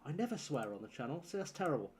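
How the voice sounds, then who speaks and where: A man's voice: on the high side, big pitch swings, very fast, a little mellow. A man on a casual live stream, rambling and joking, swearing freely as he plays.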